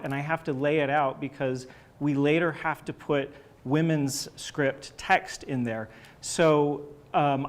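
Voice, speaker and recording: A man with a slightly higher voice gives a relaxed presentation about a book's art. He talks loosely, with plenty of fillers and restarts. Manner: chatty, hesitant with many fillers and restarts. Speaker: book art director presenting artwork. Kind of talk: casual presentation.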